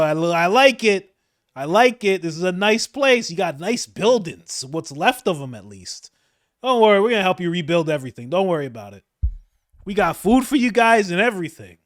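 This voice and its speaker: A man's voice: high-pitched, animated, normal speed, a bit bright, no echo, clean studio sound, pitched above the performer's own voice. A man putting on the voice of a chummy male politician greeting a crowd, upbeat and overly friendly. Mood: cheery.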